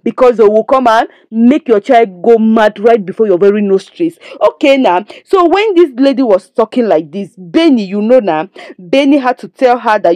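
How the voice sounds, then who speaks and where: A woman's voice: fairly high pitch, animated, normal speed, darkish tone, no room sound. A young Nigerian woman casually recapping a drama episode, chatting to her listeners and breaking off to lecture them. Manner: chatty, preachy asides, addresses listeners as "my people". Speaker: movie reviewer.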